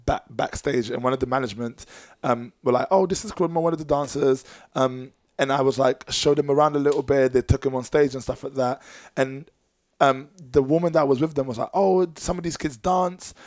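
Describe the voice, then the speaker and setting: A man's voice: medium pitch, steady tone, brisk, darkish tone, no echo. A man, a professional dancer and choreographer, talking earnestly in a casual podcast chat, full of fillers and restarts.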